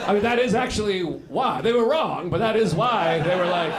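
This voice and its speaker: A man doing stand-up crowd work with dry, teasing, deadpan asides in a theater before a live audience. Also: sits high, normal speed. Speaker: stand-up comedian. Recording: echoey theater with laughing crowd.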